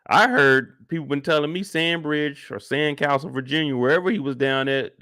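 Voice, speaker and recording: Gravelly man chatting casually. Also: a little high, normal speed, bright, forceful tone. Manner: casual, slangy, emphatic. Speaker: show host. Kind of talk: live TV recap commentary.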